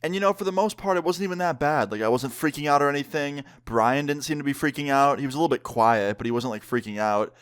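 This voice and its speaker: Animated young man telling a story. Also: medium pitch, fast talker, hardly any pauses, clear, resonant tone. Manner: animated, profane, heavy use of "like". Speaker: vlogger. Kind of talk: casual storytelling.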